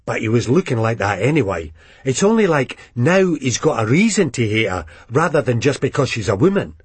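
Scottish guy reading a story out loud in dialect, husky, bouncy delivery. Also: mid-range voice, moderate pace, dry recording. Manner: lively, expressive narration in dialect. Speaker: reader. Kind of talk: reading a first-person story aloud.

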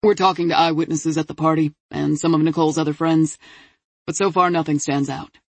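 Brief: businesslike male detective, even delivery; female narrator voicing him. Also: low-pitched, a little fast, no echo. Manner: matter-of-fact, level. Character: male detective reporting case findings.

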